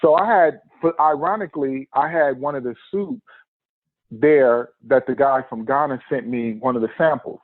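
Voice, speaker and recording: A man's voice: mid-range voice, moderate pace, dry recording. A man telling a personal story in a podcast interview, acting out the quotes and laughing often. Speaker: podcast guest. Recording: tinny phone-line sound, dry.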